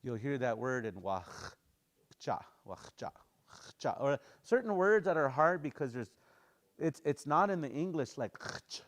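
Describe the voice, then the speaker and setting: Male language teacher, mid-pitched voice, relaxed and folksy, slowly drills phrases aloud. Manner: casual, folksy explanations. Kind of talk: language class.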